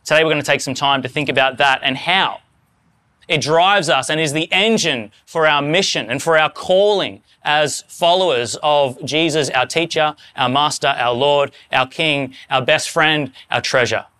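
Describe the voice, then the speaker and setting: A man's voice: on the high side, moderate pace, bright, forceful tone, clear, resonant tone. A man preaching a sermon to his congregation, earnest and rising to fervent emphasis. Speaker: pastor.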